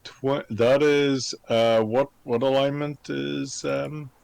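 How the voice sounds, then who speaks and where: Brief: mid-pitched male player, thinks out loud, dry close sound. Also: fairly even intonation, vocal fry, no room sound. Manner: thinks aloud, halting restarts. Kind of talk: tabletop game play.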